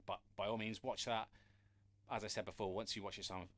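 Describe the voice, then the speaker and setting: Male drum tutor on a live stream, friendly and chatty, lowish voice, some distance from the mic. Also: flat delivery, fairly quick, a bit bright, dry recording. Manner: chatty, encouraging, asks viewers for questions. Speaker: drum teacher. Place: room with a drum kit. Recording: drums and counting heard behind.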